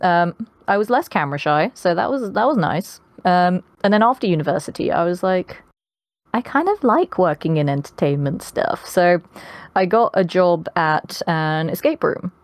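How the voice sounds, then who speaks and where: A young adult woman with a posh British accent guests on a casual podcast interview as a voice actress, chatty, laughing often and saying um a lot. Her voice is fairly low and expressive at a moderate pace. The recording is dry with clean studio sound.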